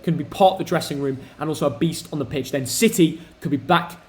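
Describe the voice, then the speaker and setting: A young man hosting a live football watch-along stream, chatty and excitable, talking to his viewers. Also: on the high side, fast talker. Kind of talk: casual live match watch-along commentary.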